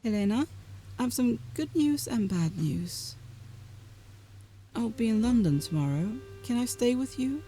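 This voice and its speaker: A woman's voice: fairly high pitch, animated, unhurried, pauses often, dark tone, slight background noise, pitched above the performer's own voice. A woman voicing a young female investigator who sees ghosts, reading game dialogue in an earnest, formal and determined manner.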